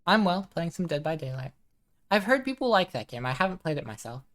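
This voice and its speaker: A woman streaming a game live, chatting casually and softly, reading chat messages aloud at a desk microphone. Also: fairly low pitch, sing-song, a little fast. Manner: chatty, soft-spoken, reads chat aloud.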